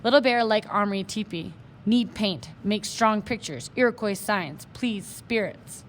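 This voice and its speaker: A woman's voice: medium pitch, measured pace, slight background noise, natural voice. A woman reading aloud, voicing a tiny stern warrior toy come alive as a grown man, speaking in clipped broken phrases. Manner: clipped broken speech, commanding.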